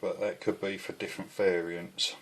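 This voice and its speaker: A man's voice: low voice, little pitch movement, moderate pace, a little hiss or hum. A man reviewing a model kit in a chatty, rambling way at home. He is a bit out of breath, swears now and then and often loses his thread.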